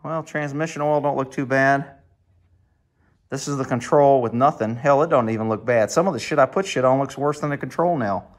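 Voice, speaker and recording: Outdoors near a yard and a cat shack, a man with a mid-range voice talks at a fairly quick clip in a casual vlog. He rambles profanely about his projects and his cat.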